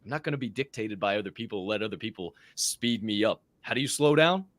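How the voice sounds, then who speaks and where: A man's voice: lowish voice, lively intonation, quick pace, fairly bright tone, no echo. A man co-hosting a motivational podcast, introducing segments in a joking hype-man way. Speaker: podcast co-host. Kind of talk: casual motivational podcast chat.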